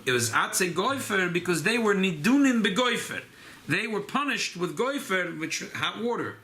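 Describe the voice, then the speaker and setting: A man teaching an informal Torah class as a rabbi, animated and emphatic. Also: normal speed. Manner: animated, rising pitch on emphasis, Yiddish and Hebrew terms mixed in.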